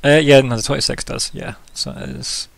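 Gravelly-voiced man running a tabletop game. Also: mid-range voice, little pitch movement, fairly quick. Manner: chatty, fillers, sound effects like wabam. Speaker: game master.

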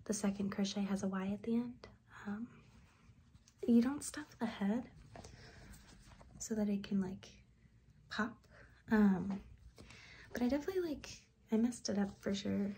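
A young woman vlogging casually about crochet, rambling with lots of fillers, her voice hoarse and half-whispered as she feels unwell. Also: medium pitch, a little slow, pauses often, a little hiss or hum. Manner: rambling, filler-heavy, slips into soft whispery phrases. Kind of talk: casual vlog chat.

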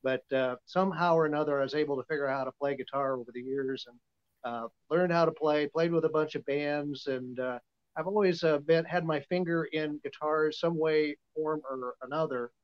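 Brief: 70s male guest, slightly high voice, folksy rambling storyteller, dull lo-fi call audio. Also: fairly quick. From Nebraska. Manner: folksy, rambling, many "uh" fillers. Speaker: guest, vintage guitar dealer. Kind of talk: casual storytelling. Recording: dull, lo-fi sound.

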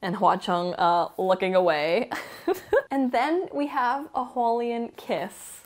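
A woman rambling casually about a book she loves, with an animated, gushing fan manner and frequent laughter. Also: on the high side, slow. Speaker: book vlogger. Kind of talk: casual book review chat.

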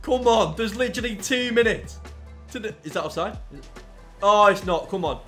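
A young man commentating his own football video game, swinging from low muttering to loud yelling. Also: normal speed, soft background music. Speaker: gaming YouTuber. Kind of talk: live gameplay commentary.

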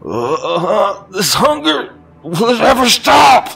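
A man's voice: low voice, expressive, unhurried, a bit bright, soft background music, pitched above the performer's own voice. A man voicing a ravenous, shaken young man freshly turned into a monster, who speaks in a strained, stammering way. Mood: anguished.

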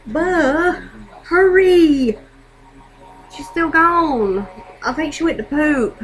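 Teen girl, webcam vlog at home, high-pitched, hyper and rambling. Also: lively intonation, a little slow, a bit bright, a little hiss or hum, poor audio. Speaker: vlogger. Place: dark bedroom at home.

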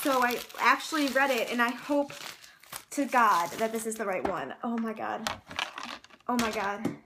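A woman's voice: on the high side, a little slow, noisy background. A young woman chatting through a casual vlog, rambling and dramatic. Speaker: vlogger.

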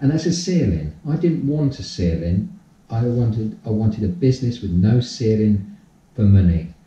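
An older man, a podcast guest telling his life story in a casual, animated way and acting out the dialogue. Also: on the low side, normal speed. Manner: animated storyteller, acts out dialogue, repeats phrases. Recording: distant, roomy, dull-sounding audio.

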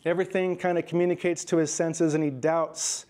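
A male pastor preaches with a slightly raised pitch and flat delivery, talking to the congregation conversationally, often checking in with "right?" and "okay?" and chuckling through personal stories. When reading scripture, he slows down and softens his voice.

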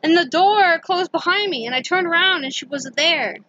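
A woman's voice: very high voice, moderate pace, pushed and bright, pitched above the performer's own voice. A woman reading aloud the lines of a weary, injured father who ran off in a starship, in her own voice. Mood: somber. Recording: dull lo-fi with game music.

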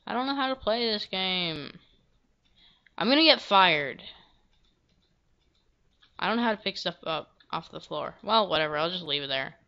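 A woman giving casual, self-deprecating commentary while she plays a video game, now and then breaking into loud yelps. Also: on the low side, lively intonation, moderate pace, pauses often, muffled recording. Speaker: gameplay video creator. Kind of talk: casual let's-play commentary.

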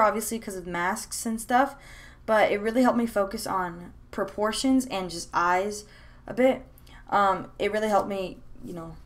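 A young woman in casual chat about her sketchbooks, chatty and rambling with many fillers and restarts, gushing with enthusiasm. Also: mid-range voice. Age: young adult. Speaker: art vlogger. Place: room at home.

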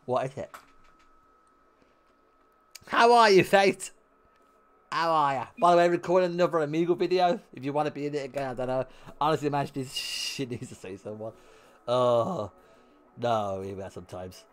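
A man's voice: medium pitch, moderate pace, pauses often. A man streaming, telling a profane story to chat and laughing often.

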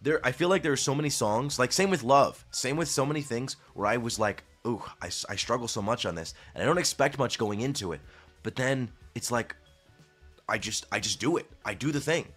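A man streamer chatting casually to his viewers, earnest and gushing, swearing freely, his voice jumping up when excited. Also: medium pitch, fairly quick, soft background music.

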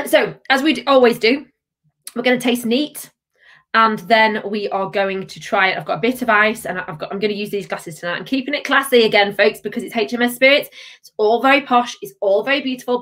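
A woman's voice: on the high side, fairly bright tone. A woman hosting a live tasting stream, chatting casually, bubbly and reading out viewer comments. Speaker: livestream host.

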